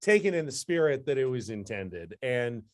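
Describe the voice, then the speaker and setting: A man who hosts sports radio, telling a story energetically as a podcast guest. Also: moderate pace. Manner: energetic storyteller, jumps up in pitch for emphasis. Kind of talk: casual conversation, storytelling.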